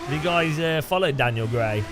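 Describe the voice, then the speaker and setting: A man's voice: a little high, lively intonation, moderate pace, noisy background. A British man streaming a sim race, chatting with his viewers in a joking tone and laughing often. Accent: British English. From Britain. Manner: joking, laughs often, greets chat by name. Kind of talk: casual live-stream chat while sim racing.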